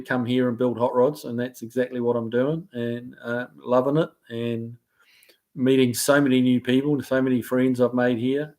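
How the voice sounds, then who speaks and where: A man's voice: mid-range voice, darkish tone. New Zealand man chatting casually on a live stream. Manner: reads viewer comments aloud and answers them loosely, with many fillers and restarts. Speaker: host of a live stream reading chat.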